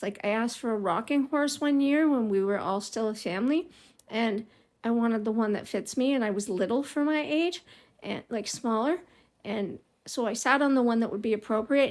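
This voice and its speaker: A middle-aged woman vlogger telling a childhood story in a casual, rambling way, drifting into side remarks and laughing softly now and then. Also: a little high. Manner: rambling and digressive, with frequent small laughs.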